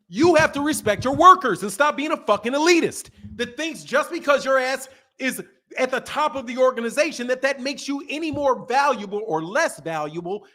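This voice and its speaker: A man's voice: very high-pitched, pushed and bright. A man hosting a casual podcast, ranting emphatically and swearing a lot. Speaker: boxing channel host. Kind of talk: casual profane podcast rant.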